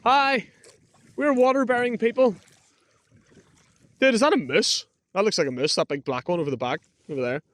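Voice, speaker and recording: A young man with a Northern Irish accent chatting excitably while kayaking outdoors on a river. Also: high-pitched, normal speed, long pauses, dry recording. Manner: excitable, chatty, greets animals. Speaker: kayaking vlogger. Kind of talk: casual chat.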